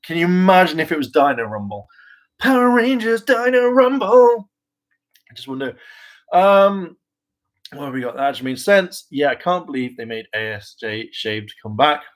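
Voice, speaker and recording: A man of ordinary pitch chats loosely to his viewers. He wanders from one thought to the next with plenty of "um"s and "like"s. He mocks himself and swears now and then in an easy, offhand way. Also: lively intonation, fairly quick, low-quality recording. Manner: chatty and self-mocking, with frequent fillers, laughs and mimicked voices; casual swearing. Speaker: vlogger and hopeful actor. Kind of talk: casual rambling commentary.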